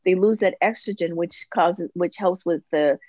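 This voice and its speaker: A woman gynecologist on a panel discussion, talking in a halting way with many restarts and fillers over a video call. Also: lowish voice, mellow, dry recording, dull audio. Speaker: obstetrician-gynecologist guest.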